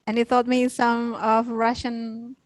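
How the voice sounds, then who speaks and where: A woman teacher hosting a school Q&A, moderating in a brisk, friendly way. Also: on the high side, completely flat delivery, no echo. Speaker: teacher and host.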